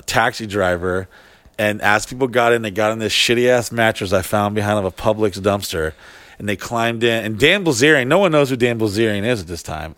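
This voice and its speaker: A man's voice: fairly low pitch, a bit bright, no room sound. A man in his thirties telling a long party story in casual chat, rambling and swearing a lot. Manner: rambling, profane, heavy use of "like". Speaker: podcast guest telling a story.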